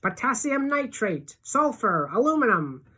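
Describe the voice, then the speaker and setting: A woman voicing a small, brainy, excitable boy in a novel read aloud, with gleeful, shrieking outbursts. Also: fairly low pitch, measured pace. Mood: excited shouting.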